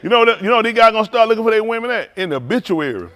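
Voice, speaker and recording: Male pastor, joking sermon style, laughs a lot, slightly higher voice. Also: expressive, rapid-fire. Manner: loud, laughing, playful banter with the congregation; drops to a low, quiet earnest tone for counsel. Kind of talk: joking sermon talk to a congregation.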